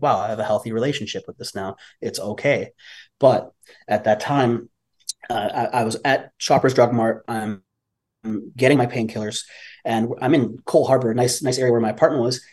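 A man from Vancouver telling a story as a guest on a podcast, animated and blunt, with frequent swearing and laughter. His voice sits at an ordinary middle pitch, and he speaks casually like a life coach sharing something personal. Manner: animated, profane, laughs often.

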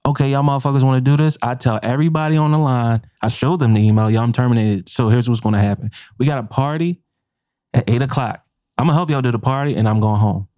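Talking at a quick pace and medium pitch, this chef and podcast co-host animatedly tells a profane workplace story in casual talk, performing the quotes. The sound is clean studio quality, no echo.

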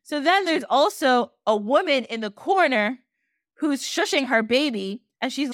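Animated woman retelling a folk tale. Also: sits high, a little slow, no room sound, clean studio sound. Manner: animated, laughs often. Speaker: podcast host. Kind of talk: casual storytelling.

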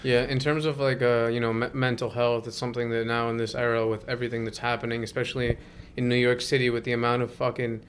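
A man's voice: medium pitch, little pitch movement, fast, hardly any pauses, slight background noise. A man musing reflectively in a casual conversation. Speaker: conversation participant. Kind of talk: casual chat.

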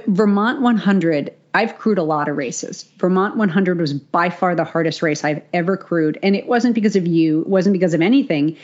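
A woman co-hosting a podcast, telling a story in a casual, animated way and swearing freely. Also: fairly low pitch, dull audio. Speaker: podcast co-host.

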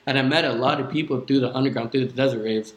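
A man's voice: medium pitch, steady tone, quick pace, dull audio. A young man, a DJ guest on a podcast, telling his story in a loose, casual way, swearing often and filling with "like". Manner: loose, swears a lot, many "like" fillers. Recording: echoey room.

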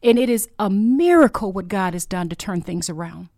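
A woman's voice: medium pitch, animated, moderate pace, darkish tone, no room sound. Woman, middle-aged, podcast host, faith testimony, earnest, emotional, dry close sound. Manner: emotional, earnest, heartfelt storytelling.

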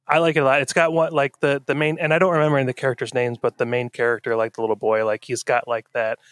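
Casual guy rambling on a podcast, lots of likes and restarts, dry close sound, middle pitch. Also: little pitch movement, very fast, fairly bright tone, no echo. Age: adult with a young daughter. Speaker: podcast co-host. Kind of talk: casual chat.

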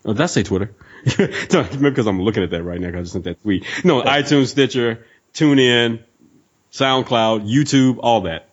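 A man's voice: mid-range voice, moderate pace, highs cut off. A man co-hosting a podcast in casual chat, laid-back, laughing often and leaning on fillers. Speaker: podcast co-host.

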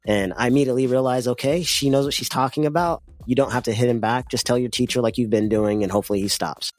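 Animated young man telling a story. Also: medium pitch. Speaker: podcast co-host. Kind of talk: casual chat.

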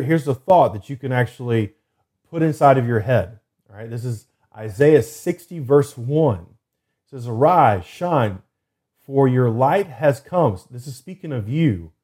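A man hosting a faith podcast, talking loosely and earnestly and slowing down to read scripture with emphasis, recorded at a desk setup. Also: mid-range voice, warm tone. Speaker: podcast host. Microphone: computer desk setup.

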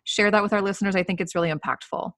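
A woman's voice: mid-range voice, steady tone, rapid-fire, a bit bright, no echo. Earnest woman podcast host, dry sound. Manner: earnest, effusive, repeats words. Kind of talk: casual interview chat.

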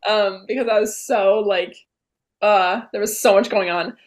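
Young woman in her late teens, interview guest, bubbly, animated storytelling, mid-pitched voice. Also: unhurried. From Vermont. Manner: bubbly, animated retelling with lots of "I was like".

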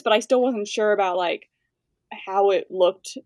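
Fast-talking young woman influencer. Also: mid-range voice, darkish tone, no echo. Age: 20s. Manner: fast-talking, filler-heavy, laughing. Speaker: guest influencer. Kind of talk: casual interview chat.

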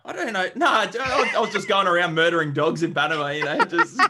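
A young man who is a guest on a podcast, telling a travel story casually, lively and swearing freely as he acts out what people said. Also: high voice, quick pace, over a noisy crowd.

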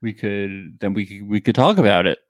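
A man's voice: fairly low pitch, normal speed, no room sound. A man co-hosting a casual podcast, recapping a reality show with jokes and laughter. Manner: joking, often laughing, quoting people in put-on voices. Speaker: podcast co-host.

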